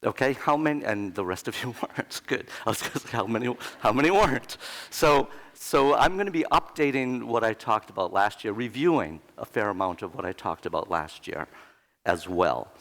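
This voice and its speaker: Middle-aged male speaker with a cold, joking aside to the room, lowish voice in a reverberant hall. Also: animated, moderate pace, a bit bright. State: has a cold. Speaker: conference speaker. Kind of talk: conference presentation. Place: conference hall. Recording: echoey conference hall.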